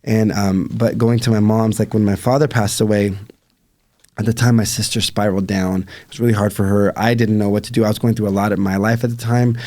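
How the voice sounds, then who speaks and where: A man with a fairly low voice speaks earnestly and reflectively as a podcast guest. He tells a painful family story with frequent pauses and fillers. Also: flat delivery, a little mellow. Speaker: podcast guest, life coach. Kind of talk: emotional personal storytelling.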